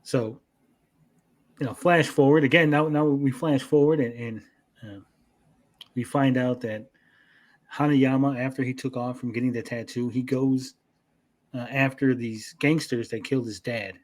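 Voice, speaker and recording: A man hosting a casual podcast chat, swearing freely and retelling scenes with quick quoted voices. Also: mid-range voice, fairly even intonation. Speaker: podcast host.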